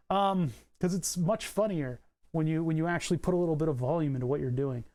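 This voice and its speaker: Higher-pitched rambling young man. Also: fairly quick, darkish tone. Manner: rambling, self-correcting, laughs at himself. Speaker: streamer. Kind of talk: casual live-stream chat while tinkering. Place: home room with acoustic padding. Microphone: condenser mic through a compressor.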